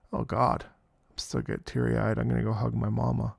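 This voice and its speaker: A man reacting to game music, gushing emotionally in halting, restarting phrases. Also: mid-range voice, little pitch movement, gravelly, no room sound, studio quality. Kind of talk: casual reaction commentary.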